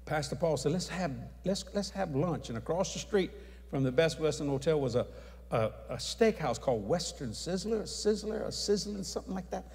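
A man preaching in a folksy, lively storytelling manner. His voice sits a little high for a man, and it rings out with a long hall reverb behind it. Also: fairly quick. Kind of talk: storytelling sermon.

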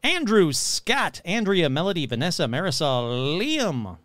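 A man's voice: on the high side, big pitch swings, a little slow, fairly bright tone, dry recording. A man hosting a podcast, talking casually and jokily as he rattles off long lists of listener names. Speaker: podcast host.

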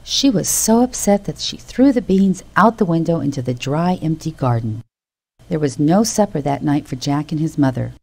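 Woman storybook narrator, very low and gravelly, lively swings in pitch. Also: normal speed, rough recording. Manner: expressive, animated reading.

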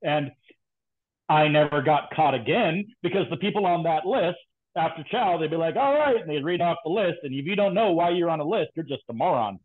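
Over a tinny, phone-like line, a former SEAL guest casually swaps stories from his training days, trading dry, teasing banter. His voice sits a little high and moves a little fast.

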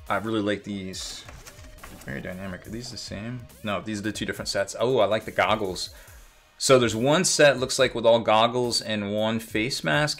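A man's voice: lowish voice, fairly bright tone. A man giving a casual unboxing commentary as a miniatures reviewer, rambling with fillers and self-corrections.

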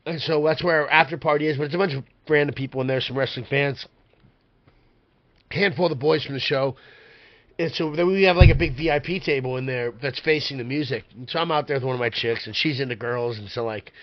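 A man's voice: medium pitch, fast, highs cut off. A man who is a podcast guest and pro wrestler, telling a rambling, profane story with lots of filler words. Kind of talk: casual storytelling.

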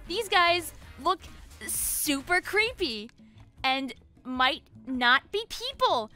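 A young woman streaming a video game, chatting excitably, giggling and shrieking at the screen. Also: sits high, slow pace, soft background music. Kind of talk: gameplay commentary.

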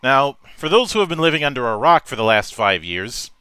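A male podcast host with a bright, ringing, polished voice, recorded close and dry. He talks in a theatrical, profane, rambling way, often restarting his sentences mid-thought. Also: mid-range voice, big pitch swings, fairly quick, clear, resonant tone, dry recording. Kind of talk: casual chat.

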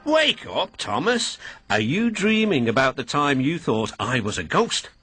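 Brief: British man voicing a jumpy little tank engine, squeaky and high, easily scared, music under. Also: big pitch swings, measured pace, bright, forceful tone, husky, no echo, exaggerated voice. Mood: teasing. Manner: high, jittery and breathless. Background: background music.

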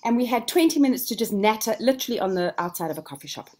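A woman, an author co-hosting a casual chat, who tells lively anecdotes and retells conversations. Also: fairly high pitch, very fast. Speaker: co-host and author. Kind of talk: casual conversation to a writing group.

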